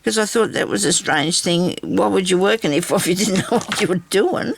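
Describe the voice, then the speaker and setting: A woman's voice: mid-range voice, moderate pace, vocal fry, a little hiss or hum. An Australian woman chatting in a casual, rambling way while she crafts and tells stories. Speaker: craft vlogger.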